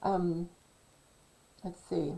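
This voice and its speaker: A middle-aged woman rambling through a casual monologue with a gravelly, fry-laden voice. She speaks slowly and hesitantly, with lots of ums and self-corrections. Her tone is dark and mellow, and slightly hoarse as if losing her voice. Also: lowish voice, fairly even intonation, rough recording. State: losing her voice, clearing throat. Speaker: channel host.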